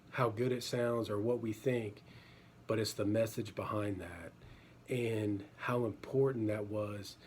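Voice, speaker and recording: A man with a somewhat low voice delivers a relaxed, conversational sermon. He stumbles over and repeats words, then settles into reading scripture. A faint noise hangs behind the voice. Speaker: preacher.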